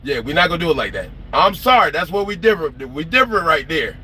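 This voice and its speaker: A man's voice: on the high side, very animated, quick pace, pushed and bright, husky. A man telling stories in a casual, profane rant on a porch, and he acts out the people he quotes. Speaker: trucker vlogger. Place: porch, outdoors.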